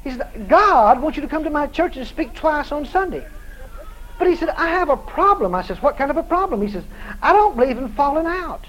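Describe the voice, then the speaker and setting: High-pitched animated preacher man. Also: a little fast, low-quality recording. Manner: animated storytelling, shouting prayers. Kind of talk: sermon storytelling.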